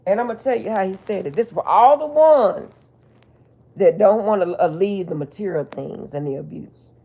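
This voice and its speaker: A woman's voice: medium pitch, animated, normal speed, warm tone, husky, highs cut off. A middle-aged woman, a spiritual reader, telling a personal story in a blunt, emphatic, profane way. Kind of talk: casual storytelling monologue.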